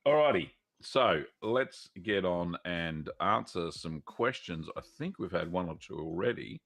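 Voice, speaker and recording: A man's voice: deep voice, lively intonation, measured pace, vocal fry, fairly bright tone. A middle-aged Australian man hosting a live cheese-making Q&A stream, chatting casually with many fillers and greeting viewers by name.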